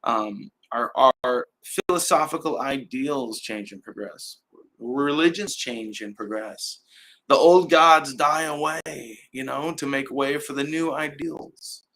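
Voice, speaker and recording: A man's voice: medium pitch, takes it slowly, fairly bright tone, poor audio. A young man, hosting a casual live stream and rambling loosely with fillers and trailing laughs. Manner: many fillers and restarts.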